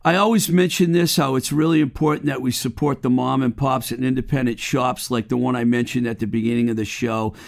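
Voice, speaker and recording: Easygoing podcast host, gravelly voice. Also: male voice, mid-range voice, steady tone, a little fast, few pauses. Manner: easygoing, wraps up and plugs sponsors. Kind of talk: casual chat.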